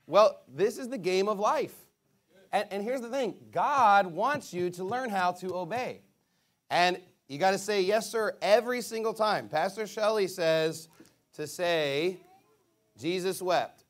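A high-voiced man preaches as a pastor. He is lively and playful, leading children in a game and calling out to the crowd between scripture readings. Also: unhurried.

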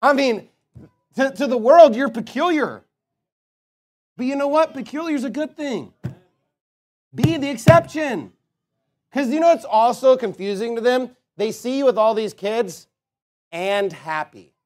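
High-voiced man preaching a fiery sermon. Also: expressive, unhurried, pauses often. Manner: emphatic preaching that swings between loud and soft. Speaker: pastor.

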